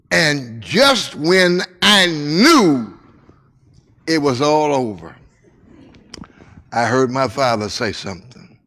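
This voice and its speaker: An older man telling a personal story from his childhood, with repeated phrases, dramatic pauses and a hushed voice at tender moments. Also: fairly high pitch, sing-song.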